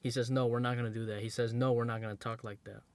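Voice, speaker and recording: A man's voice: mid-range voice, little pitch movement, fast talker, a little mellow, dry recording. A man giving dating advice in a casual monologue, blunt and emphatic, repeating his points and using street slang.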